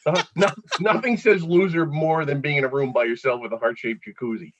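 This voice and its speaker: A man's voice: a little high, brisk. A middle-aged man with a Philadelphia accent, a comedian chatting as a guest and telling jokey stories that he laughs at himself. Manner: joke-telling storyteller, laughs at his own lines. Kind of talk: casual chat. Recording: dull lo-fi sound.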